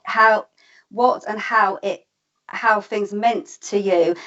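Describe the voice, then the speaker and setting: A woman co-hosting as a psychic reader, talking hesitantly with many pauses and fillers and often giggling. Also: mid-range voice, muffled recording. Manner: hesitant, lots of ums, giggly. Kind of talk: casual live reading chat.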